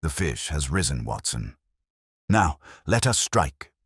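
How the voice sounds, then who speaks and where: A man playing a Victorian detective who speaks in a cold, cutting, measured way. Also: rumbling low, sing-song, a bit bright, slightly rough, dry recording, studio quality, heavily acted. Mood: hushed.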